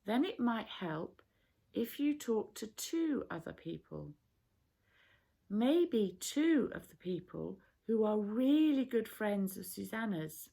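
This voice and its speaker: A woman voicing Jesus, a gentle patient teacher. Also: mid-range voice, very animated, slow pace, gravelly, exaggerated voice. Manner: soft, patient explaining. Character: calm, patient male teacher.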